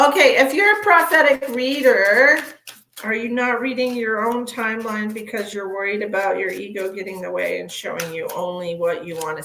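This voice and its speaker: A chatty, sassy woman in her forties reads tarot cards live and answers viewer comments as she goes. Her voice sits at a middle pitch. The room around her rings with echo. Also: a bit bright, slight background noise. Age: 40s. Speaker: psychic tarot reader. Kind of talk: live-stream chat reading cards.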